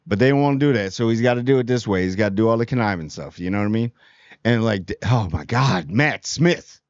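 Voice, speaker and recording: Slangy rambling man, deep voice. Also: lively intonation, quick pace, no echo, lo-fi sound. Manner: rambling, slangy, quoting characters in paraphrase. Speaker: show host reviewing TV. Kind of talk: casual spoiler review.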